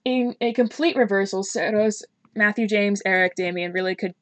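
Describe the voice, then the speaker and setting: A woman's voice: mid-range voice, normal speed, fairly bright tone. A woman streaming a visual novel game, reading the story aloud and breaking off into chatty, giggly, teasing asides.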